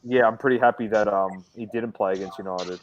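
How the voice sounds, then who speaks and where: A man's voice: fairly low pitch, fairly even intonation, brisk, dull audio. A man co-hosting a football watch-along stream, cheeky and opinionated, swearing freely in casual banter.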